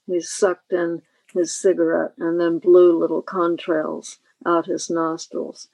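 Kentucky lady novelist reading her book slow and careful, bit of fry. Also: on the low side, level tone, darkish tone, no room sound, low-quality recording. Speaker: novelist, guest.

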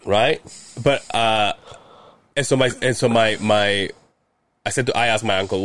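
A man telling a long personal story on a podcast in casual chat, animated and swearing often, acting out what others said. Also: lowish voice, moderate pace. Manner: animated, swears a lot, acts out quotes. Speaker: podcast host.

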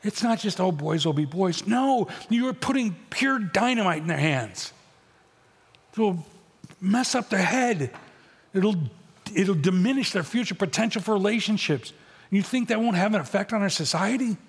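A middle-aged pastor delivers a blunt, joking sermon to his congregation. His voice is husky and sits a little high for a man. The church around him rings with a long echo. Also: animated, moderate pace. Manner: blunt, conversational preaching with humor. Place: church auditorium. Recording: long hall reverb.

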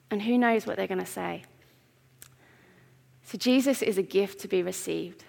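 A woman giving an earnest, heartfelt sermon in a church, with pauses. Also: medium pitch, creaky. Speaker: preacher. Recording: long reverb of a church hall.

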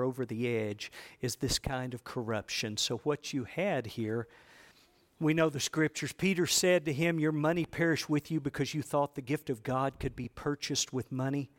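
A man preaching a history sermon, telling stories with swings between loud drama and low emphasis and asking the congregation questions. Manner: asks the congregation rhetorical questions. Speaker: preacher teaching church history.

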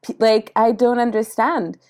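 A woman's voice: fairly high pitch, fairly even intonation, a little slow, a little mellow. A young woman from Sudan co-hosting a podcast, chatting casually and asking incredulous questions. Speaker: podcast co-host. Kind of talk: casual chat.

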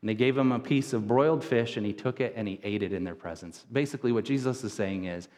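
A man's voice: medium pitch, fast talker, hardly any pauses, darkish tone. A man in his thirties preaching a sermon in a conversational, casual way, often repeating words as he goes. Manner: conversational, casual wording, frequent word repeats. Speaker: pastor. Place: church sanctuary. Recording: long reverb of a church hall.

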